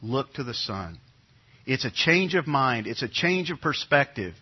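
A man's voice: mid-range voice, sing-song, measured pace, slightly rough. A middle-aged man from New York preaching a sermon as pastor, talking in a conversational way and repeating his key phrases. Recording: dull lo-fi sound.

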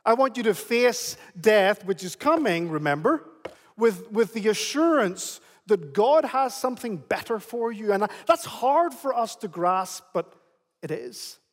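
Pastor guy preaching, high voice, keeps repeating himself for emphasis, lots of hall echo. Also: animated, a little slow. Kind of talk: sermon. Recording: long hall reverb.

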